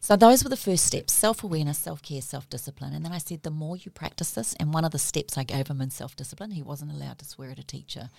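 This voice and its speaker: A New woman in her forties talks on a podcast in a low, gravelly voice. She is a lively storyteller who acts out the dialogue. The sound is dry and close to the mic. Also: quick pace, few pauses, dry recording. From New Zealand. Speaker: podcast guest. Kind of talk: casual podcast chat.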